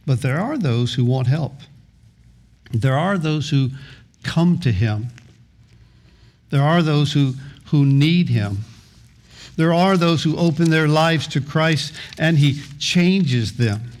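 A middle-aged man preaches to his congregation in an earnest, personal way. His voice sits a touch higher than most men's, and he often trips over words and starts phrases again. Now and then he slips into softly half-singing an old hymn. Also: expressive, takes it slowly, pauses often. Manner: earnest, repeats words and restarts phrases, sometimes half-sings hymn lines. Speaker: pastor. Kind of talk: sermon.

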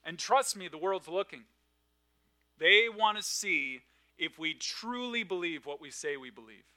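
A man preaching a sermon, swinging from loud emphatic lines to hushed, quiet asides. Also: sits high, lively intonation, measured pace. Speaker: pastor.

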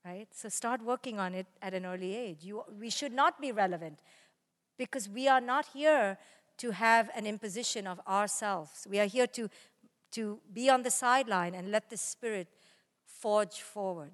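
A middle-aged woman, a parenting guest in an interview, telling lively stories about her family and laughing often. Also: mid-range voice, moderate pace, long reverb tail. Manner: animated storytelling, laughs often, acts out family dialogue. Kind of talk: conversational interview.

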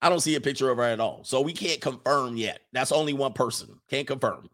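A young man hosting a casual livestream, reading viewer messages aloud and riffing on them, animated and laughing often. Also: medium pitch, a little fast. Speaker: livestream host reading super chats.

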